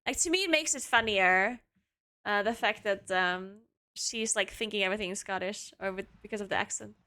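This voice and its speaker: A woman's voice: medium pitch, fairly quick, bright, forceful tone. A woman streamer chatting casually with her viewers from her apartment, talking in loose runs full of fillers and restarts. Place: home apartment.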